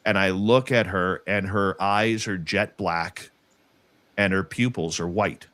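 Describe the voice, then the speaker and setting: A man earnestly telling a personal story in casual conversation, halting and restarting as he goes. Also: low voice, fairly bright tone, dry recording.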